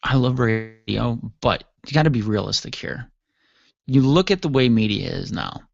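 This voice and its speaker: A man's voice: mid-range voice, lively intonation, moderate pace, vocal fry, highs cut off. A man hosting his own podcast from a basement studio, rambling casually with jokey asides and yawning from tiredness. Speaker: podcast host. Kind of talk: casual solo podcast talk.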